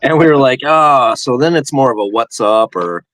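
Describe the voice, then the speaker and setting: A man's voice: mid-range voice, lively intonation, a little fast, a bit bright, no echo. A man chatting casually on a live stream, rambling and laughing often. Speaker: guest co-host.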